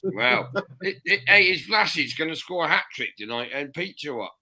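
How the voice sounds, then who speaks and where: A man's voice: fairly high pitch, expressive, moderate pace, a crowd in the background. A man joining a casual fan chat with jokey, matey banter.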